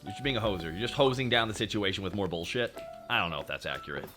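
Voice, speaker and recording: A man's voice: lowish voice, lively intonation, racing, over music. A young Canadian man with a Canadian accent, streaming a game and chatting to his viewers in a casual, profane, ranting way. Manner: profane, ranting, talks to chat. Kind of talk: casual gaming stream chat.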